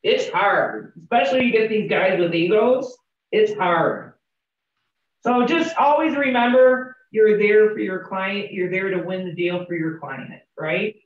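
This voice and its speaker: Medium-pitched and a little slow, this woman leads a group of real estate agents through training, speaking candidly and chattily with stories and questions for the room. The recording comes across as roomy, distant and dull.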